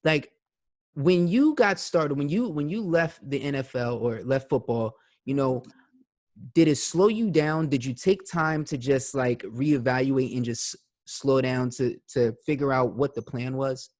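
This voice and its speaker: Male podcast host, mid-pitched voice, relaxed conversational interview, chatty. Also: unhurried. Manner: conversational, leans on "you know what I'm saying". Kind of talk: casual interview chat.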